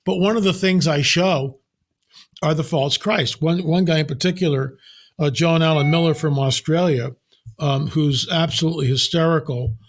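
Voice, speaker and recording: An older man speaking as a podcast guest, telling stories in an emphatic, animated way with sudden exclamations. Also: fairly high pitch, normal speed. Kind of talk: casual podcast conversation.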